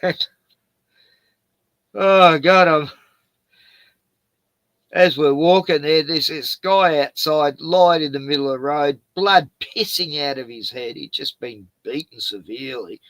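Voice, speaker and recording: A man's voice: on the high side, unhurried, long pauses, a bit bright, no echo, rough recording. A middle-aged Australian man on a stream, telling rambling, profane anecdotes in casual chat.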